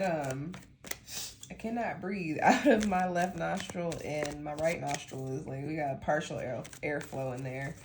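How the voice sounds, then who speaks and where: A woman with a fairly low voice talks her way through a tarot reading, rambling and casual, calling her listeners y'all. Her nose is stuffed up from allergies. A faint hum of room noise sits under her voice. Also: a little slow, a little mellow. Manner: chatty, rambling, addresses viewers as y'all. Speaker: tarot reader.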